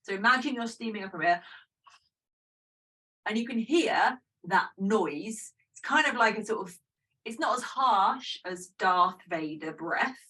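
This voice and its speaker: A woman talks a yoga class through breathing, gentle and chatty with a self-deprecating streak. Her voice sits at a middle pitch. She sounds set back a little from the microphone. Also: lively intonation, unhurried, recorded from a distance, low-quality recording. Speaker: yoga teacher. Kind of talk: guided breathing instruction.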